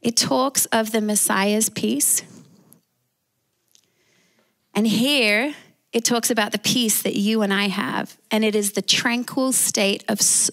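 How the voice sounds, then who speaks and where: Gravelly yet fairly bright, a medium-pitched female voice with an Australian accent leads a sermon. As pastor, she calls on the congregation for amens in call-and-response fashion.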